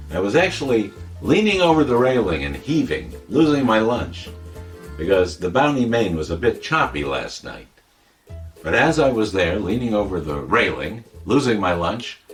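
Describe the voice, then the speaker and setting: A man playing a boastful, wisecracking older comic who tells tall tales in a deadpan, rambling way. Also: on the low side, normal speed, soft background music. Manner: deadpan, rambling, self-contradicting. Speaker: comic editorial presenter. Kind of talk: comedic monologue.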